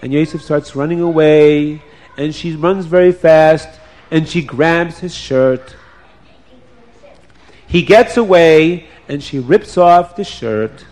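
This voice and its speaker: A man narrates a story for children, animated and playful, often turning to his young listeners with questions. His voice sits fairly high for a man. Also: takes it slowly.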